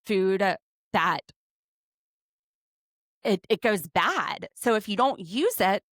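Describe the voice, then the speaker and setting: A woman in her forties, co-hosting a casual podcast recap with chatty, animated storytelling. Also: medium pitch, slow pace, dry recording, studio quality. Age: 40s. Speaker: podcast co-host.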